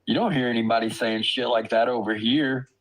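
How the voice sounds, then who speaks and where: A man's voice: medium pitch, steady tone, brisk, rough recording. A man, a father, ranting angrily to his stream, swearing hard and stammering in disbelief. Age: adult parent. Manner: angry, profane, stammering with disbelief. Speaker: streamer ranting about online drama. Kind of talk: heated profane rant.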